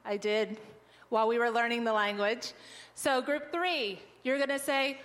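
A woman's voice: on the high side, steady tone, measured pace, fairly bright tone. A woman leading an audience through a group exercise, cheerful and teacherly, laughing often. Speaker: missionary presenter. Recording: long hall reverb.

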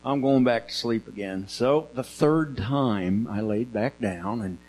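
A man telling a Bible story to children in a gentle manner, coaching them through acting it out. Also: medium pitch, unhurried, low-quality recording. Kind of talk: interactive story lesson.

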